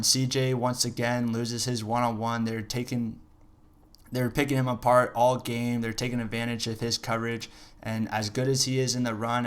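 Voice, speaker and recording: Profane football analyst breaking down film. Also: male voice, mid-range voice. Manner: profane, shifts into shouting rants. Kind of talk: casual film breakdown commentary.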